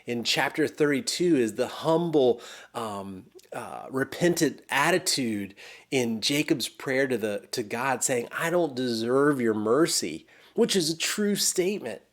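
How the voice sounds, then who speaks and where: A man preaching a sermon in an earnest way, acting out the quoted lines and sinking to a soft hush as he appeals to listeners. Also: medium pitch, unhurried. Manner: earnest, animated when quoting, drops to a soft hush near the end.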